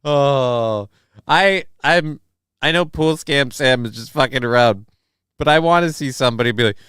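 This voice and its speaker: A young man rants sarcastically through a live chat show, swearing freely. His voice is smooth and clear, and it sits dry and close on the mic. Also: mid-range voice, moderate pace, fairly bright tone, no echo. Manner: profane, sarcastic, ranting. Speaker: livestream host reading chat. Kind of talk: crude casual streamer chat.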